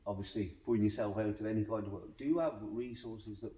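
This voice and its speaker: A man's voice: on the low side, fast talker, dark tone. A male co-host with a Black Country accent, asking questions and sounding appreciative. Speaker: podcast co-host. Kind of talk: casual podcast chat. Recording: roomy echo, distant mic.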